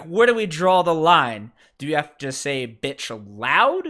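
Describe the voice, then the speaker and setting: A young man delivers a profane, sarcastic comedy rant in his own vlog. His voice is bright and forceful with a slightly high pitch, and he swings between mocking and exasperated. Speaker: vlogger.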